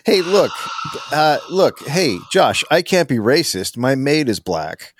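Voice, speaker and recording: A man's voice: mid-range voice, very animated, slow pace, noisy background, pitched above the performer's own voice. A man mockingly voicing a smug, defensive man who denies his own bigotry. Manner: mocking, sarcastic.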